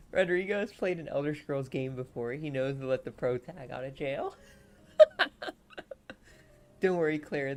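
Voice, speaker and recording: A woman's voice: low voice, darkish tone. Woman streamer, reads a novel aloud live and chats with her viewers, laughs often and jokes about herself. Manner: chatty, giggly, self-deprecating. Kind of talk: live-stream reading and casual chat.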